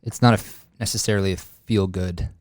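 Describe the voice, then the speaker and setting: A man's voice: sits low, steady tone, brisk, darkish tone, dry recording, clean studio sound. A man hosting a podcast interview, enthusiastic and affirming as he asks questions. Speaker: podcast host. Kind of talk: casual interview chat.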